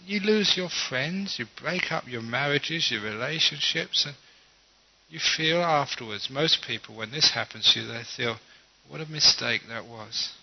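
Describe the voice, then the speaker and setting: A man who is a monk, giving a dharma talk with gently humorous, self-mocking storytelling. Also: on the high side, expressive, unhurried. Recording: dull lo-fi recording.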